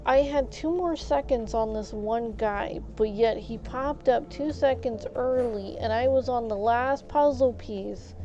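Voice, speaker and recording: Woman streamer, unhurried and rambling, soft dark tone, casual storytelling. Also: fairly high pitch, muffled recording. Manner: rambling, full of fillers and restarts. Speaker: live streamer. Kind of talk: casual storytelling while gaming.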